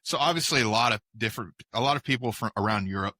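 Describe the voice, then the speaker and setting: A man hosting a sports podcast in casual chat, animated and given to emphatic repetition. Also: mid-range voice, fast, no echo. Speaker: podcast host.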